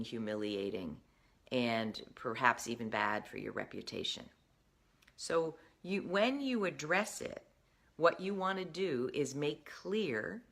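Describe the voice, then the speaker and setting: A middle-aged woman with a low, grounded voice gives career advice straight to her viewers. She is earnest and emphatic, leaning on key phrases and checking that the listener follows. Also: fairly bright tone. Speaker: career coach. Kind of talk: direct-to-camera advice talk.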